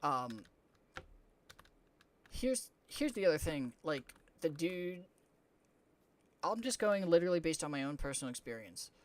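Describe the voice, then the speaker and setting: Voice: medium pitch, sing-song, a little slow, pauses often. Rambling young streamer in casual chat. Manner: rambling, heavy use of "like", frank swearing.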